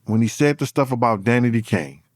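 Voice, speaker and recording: A man, a former bodyguard, telling stories in an interview with animated, profane speech that swings between loud and low. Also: fairly quick, no room sound, clean studio sound. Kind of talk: storytelling in an interview.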